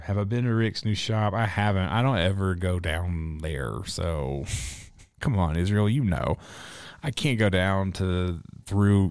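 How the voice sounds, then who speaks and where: A man in his thirties from North Carolina, chatting casually with his audience and ranting in profane, animated bursts. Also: sits low, creaky, no echo. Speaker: streamer answering chat. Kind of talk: casual rambling chat.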